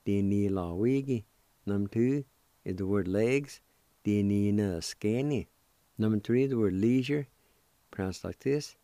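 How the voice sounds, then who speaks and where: Man, radio lesson host, unhurried, lowish voice, dry studio sound, spells words out carefully. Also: mellow, dry recording. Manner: deliberate, repeats and spells each word. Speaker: radio host teaching vocabulary. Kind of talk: slow spoken language lesson.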